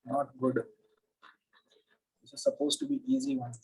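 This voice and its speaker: A male physics teacher giving an oral exam over a video call. He is patient and repeats his questions slowly. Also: medium pitch, big pitch swings, creaky, darkish tone, breathy edge, low-quality recording.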